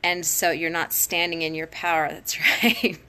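A woman's voice: fairly low pitch, flat delivery, a little slow, bright, forceful tone, clean tone. A middle-aged woman giving casual, conversational teaching advice on a live stream, laughing often between points. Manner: conversational, frequent laughs and fillers. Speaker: teacher and education blogger. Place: home, live phone broadcast.

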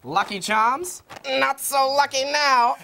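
A man's voice: very high voice, takes it slowly, vocal fry, bright, forceful tone, slight background noise, exaggerated voice. An actor playing a goofy male police detective who keeps telling corny jokes and laughing at them. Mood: cocky. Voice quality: giggly, punning. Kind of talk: sketch comedy acting.

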